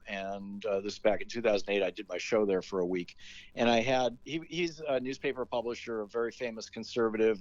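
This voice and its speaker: A man's voice: on the low side, no echo, highs cut off. A man, a talk radio host, telling a story in a casual interview and acting out the quotes.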